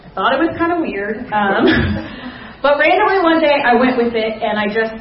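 A young woman giving an earnest personal testimony at a church gathering, with soft fillers and a confiding manner. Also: a little high, expressive, normal speed, distant mic, slight background noise. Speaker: church speaker sharing testimony. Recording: roomy hall, slightly dull sound.

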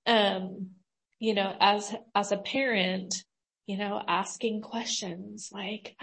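A woman leading a group, talking in a casual, halting way with many fillers. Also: mid-range voice, level tone, gravelly, fairly bright tone.

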